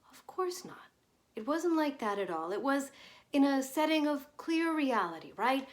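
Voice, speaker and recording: A woman's voice: high-pitched, big pitch swings, unhurried, voice pushed up. A woman voicing a glib, cynical male journalist who explains things away in a breezy, lecturing way. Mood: teasing.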